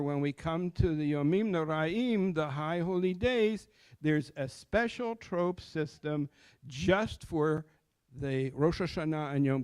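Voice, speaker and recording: An older man, a cantor teaching Torah chant, gives an informal lecture to a study group in a voice that is on the high side yet darkish, with no echo. He explains patiently, posing questions to his listeners before answering them himself.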